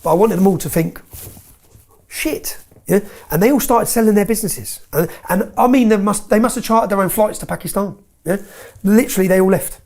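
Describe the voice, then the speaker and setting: A man's voice: high-pitched, fast talker, darkish tone. A man tells his story in an interview, bluntly and with swearing, often checking in with "yeah?".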